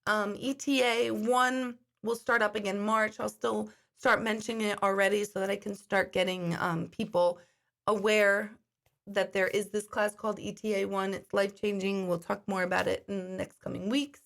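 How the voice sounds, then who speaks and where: A woman's voice: mid-range voice, little pitch movement, normal speed, creaky, fairly bright tone. A woman in her forties hosting a casual live stream, telling stories in a chatty way and reading viewer comments aloud.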